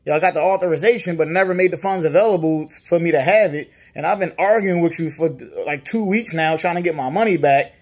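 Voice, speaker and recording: A man's voice: on the high side, fairly quick, few pauses. A man with a Virginia accent, venting in a casual monologue about a bad dealer experience, repeating himself and acting out what others said. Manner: frustrated, repetitive, mimics others' lines. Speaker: customer complaining about a dealer.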